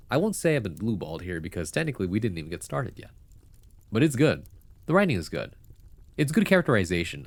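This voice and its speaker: Male streamer, deep voice, congested, lively, rambling casual delivery, dry close mic. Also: no echo. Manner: chatty, rambling, with many fillers and self-corrections. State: congested nose. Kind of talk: casual livestream commentary.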